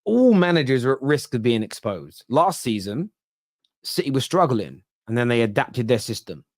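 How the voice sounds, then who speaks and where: A man co-hosting a football podcast, making measured points in a casual debate. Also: medium pitch, sing-song, no echo. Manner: measured, reasoned, gently teasing.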